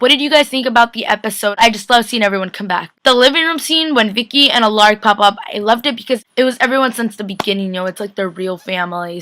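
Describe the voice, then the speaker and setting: A young woman gushing about a TV episode in a casual webcam vlog, chatty and excitable, full of "like" and "guys". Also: mid-range voice, dry recording. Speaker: TV recap vlogger. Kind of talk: casual chat.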